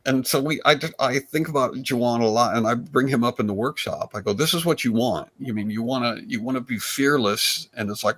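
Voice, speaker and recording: A man, a comedian guest, telling stories in a rambling, animated way with frequent restarts. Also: medium pitch, moderate pace, hardly any pauses. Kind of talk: casual storytelling chat.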